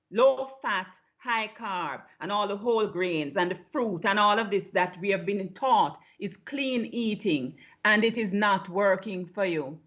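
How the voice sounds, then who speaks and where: A woman's voice: medium pitch, a bit bright, muffled recording. A woman with a Jamaican accent, a guest on a video call, answering emphatically and repeating her rhetorical questions. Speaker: guest, low-carb diet advocate. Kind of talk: interview answers.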